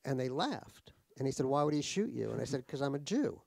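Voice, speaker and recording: A man's voice: mid-range voice, big pitch swings, a little fast, gravelly, a little mellow, no room sound. An American man, an author guest on stage, telling stories with wry, profane, self-mocking humor. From United States. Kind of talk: anecdotal storytelling on stage. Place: cultural center stage conversation.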